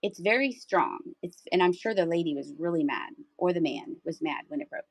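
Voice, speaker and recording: On her live-selling stream, a thrift seller chats casually with viewers, giggling and laughing often. Her lowish voice is animated, brisk, creaky, and slightly rough, in a low-quality recording with no room sound.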